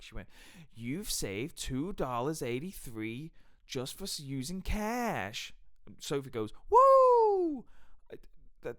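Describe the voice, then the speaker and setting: A man's voice: medium pitch, no echo, studio quality. A young man who co-hosts a podcast, telling rambling, chatty travel anecdotes with frequent restarts. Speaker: podcast co-host. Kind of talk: casual podcast storytelling.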